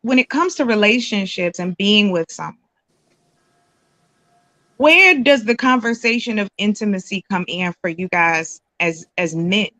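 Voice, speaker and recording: Bright-voiced woman panelist, dry sound. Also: medium pitch, animated, unhurried, no echo. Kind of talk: panel discussion.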